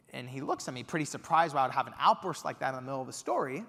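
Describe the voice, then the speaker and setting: Animated young man telling stories in a reverberant hall. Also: a little high, very fast, few pauses. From Los Angeles, USA. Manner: animated, acts out quotes. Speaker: keynote speaker. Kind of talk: storytelling keynote speech. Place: conference hall stage. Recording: long reverb of a large hall.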